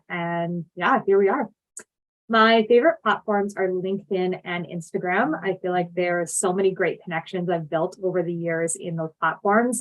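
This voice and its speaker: A young woman talks through a casual presentation on a video call, friendly and upbeat, with her voice at an ordinary middle pitch. She keeps things easygoing and fills her pauses with relaxed ums. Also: low-quality recording. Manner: friendly, upbeat, lots of fillers. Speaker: speaker presenting to an online summit. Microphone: video call mic.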